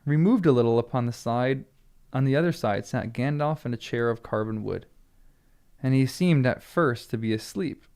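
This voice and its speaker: A man's voice: medium pitch, moderate pace. An American man reading a fantasy novel aloud for his channel, stopping to muse and laugh in casual commentary. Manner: chatty, laughs often, muses out loud. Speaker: channel host reading a book. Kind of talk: read-along with casual commentary.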